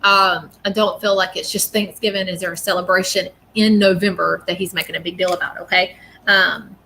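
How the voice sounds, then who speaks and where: A woman's voice: fairly low pitch, fairly even intonation, a little fast, vocal fry, bright, forceful tone, slight background noise. A woman giving a live psychic reading at home, talking earnestly and casually with lots of fillers and check-ins. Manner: chatty and earnest, many fillers and "okay?". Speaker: psychic medium.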